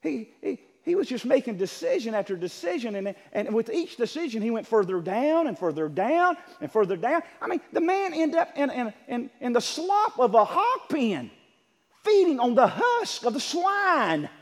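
A man preaching a sermon, moving from quiet talk to shouted passages and acting out what people say. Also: sing-song, normal speed, hardly any pauses, long reverb tail. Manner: builds from low talk to shouted preaching, acts out quotes.

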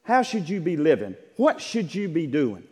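Fervent high-voiced preacher in a hall. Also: male voice, huge pitch swings, husky. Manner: builds from measured reading to shouted fervor. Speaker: Baptist preacher. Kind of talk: sermon. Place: church sanctuary.

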